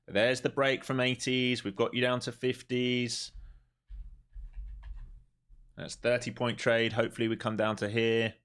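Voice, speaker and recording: A man streaming live as a day trader, giving running commentary to viewers, dropping to mutters and then rising into excited bursts. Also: medium pitch, a little slow, pauses often, smooth.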